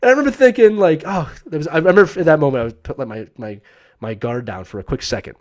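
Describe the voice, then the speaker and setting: A man in his thirties tells a personal story on a live stream in a casual, animated way. His pitch sits in the middle but swings widely, and he slips into the voices of the people he quotes, often with a laugh. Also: quick pace. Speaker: host telling a personal story.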